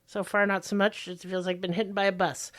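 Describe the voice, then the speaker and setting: A woman's voice: medium pitch, flat delivery, a little fast, no room sound, studio quality. A woman with a Southern accent co-hosting a podcast in casual chat, joking and crude and poking fun at herself. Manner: joking, crude, self-deprecating. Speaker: podcast co-host.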